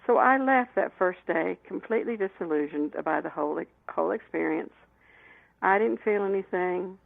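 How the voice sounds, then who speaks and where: A woman guest telling lively anecdotes in an interview, laughing often and restarting her sentences. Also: fairly low pitch, moderate pace, creaky, no echo. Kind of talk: storytelling in an interview. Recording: tinny phone line, dry.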